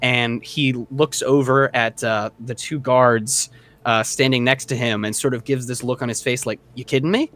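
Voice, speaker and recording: A young man running a tabletop game as dungeon master, narrating in a relaxed way with many fillers. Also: medium pitch, moderate pace.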